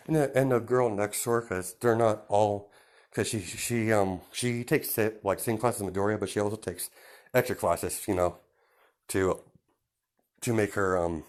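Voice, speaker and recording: A man improvising a fan story out loud, rambling through fillers and restarts. His voice sits on the lower side and his telling stays casual.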